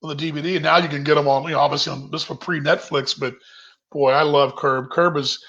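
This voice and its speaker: Speaking fast in a slightly high, fairly bright voice with fairly even intonation, a man hosts a casual virtual happy hour from his kitchen. He rambles chattily and reads viewer comments aloud over dull, lo-fi video call audio.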